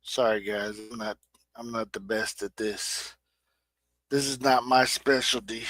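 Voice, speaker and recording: A man's voice: medium pitch, fairly even intonation, unhurried, a bit bright, no room sound, rough recording. A middle-aged man from Indiana with an American Midwestern accent, hosting a casual livestream chat in a plain-spoken, emphatic way. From Indiana, USA. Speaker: livestream host.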